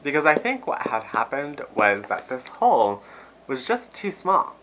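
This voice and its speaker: Young male vlogger, crude laughing rant, sharp voice, lo-fi phone recording. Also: medium pitch, a little slow, a little hiss or hum. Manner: profane, laughing, animated storytelling. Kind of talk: casual storytelling rant. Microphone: phone camera.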